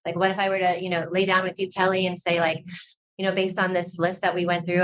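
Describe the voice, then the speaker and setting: A woman speaking as a podcast guest, expressive and animated, with lots of "like" fillers. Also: on the low side, quick pace. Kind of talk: conversational podcast interview.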